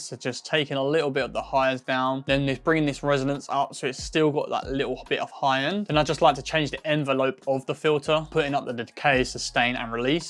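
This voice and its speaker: A man hosting a music production tutorial, explaining steps in a relaxed way with frequent filler words. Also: medium pitch. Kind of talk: screen-recorded production tutorial.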